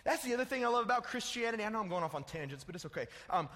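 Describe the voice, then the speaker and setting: A man's voice: high voice, lively intonation, rapid-fire, sharp tone. A young man preaching a sermon in a casual, slangy way, calling listeners dude and bro. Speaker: pastor. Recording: echoey hall with long reverb.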